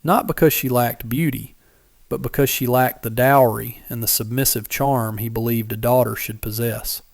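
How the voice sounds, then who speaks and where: A man's voice: medium pitch, steady tone, vocal fry, dry recording, clean studio sound. Man narrating a dramatic frontier tale. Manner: measured, dramatic storytelling. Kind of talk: scripted story narration.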